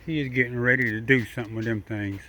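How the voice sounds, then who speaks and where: A man's voice: medium pitch, fairly even intonation, quick pace, bright, forceful tone. Older man chatting outdoors. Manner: drawling, chuckling, rambling, talks sweetly to the squirrel. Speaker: backyard vlogger feeding squirrels. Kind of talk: casual talk to animals and camera. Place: outdoors in a backyard.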